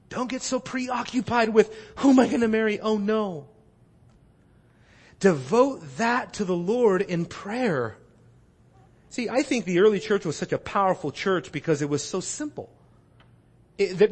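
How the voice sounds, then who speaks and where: A man's voice: high voice, slightly rough. A man preaching a sermon as pastor, with impassioned emphasis and repeated phrases.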